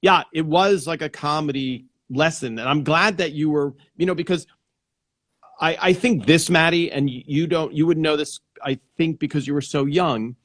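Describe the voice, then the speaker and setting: Rambling, high-voiced male host. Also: normal speed. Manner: rambling, restarts sentences, repeats "yes" and "yeah". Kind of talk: casual live interview chat.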